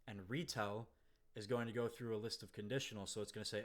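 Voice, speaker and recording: Laid-back slangy young man, low voice. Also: fairly even intonation, fast talker. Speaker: software developer. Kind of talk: casual explanation vlog.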